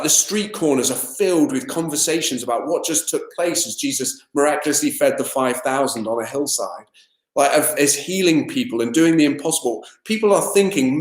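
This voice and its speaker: A man preaching a sermon as assistant minister, in a conversational style full of fillers and lively asides. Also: on the high side. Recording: echoey room.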